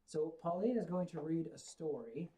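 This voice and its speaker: Low-voiced self-mocking woman host. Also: lively intonation, normal speed, warm tone, low-quality recording. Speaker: podcast host. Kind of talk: casual chat.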